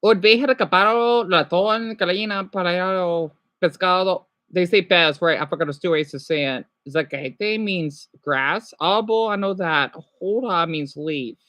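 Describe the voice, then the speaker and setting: A woman livestreaming casually, reading practice words aloud and chatting with her viewers, excitably exclaiming at surprises. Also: on the low side, a little slow, few pauses, no echo. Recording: dull lo-fi sound.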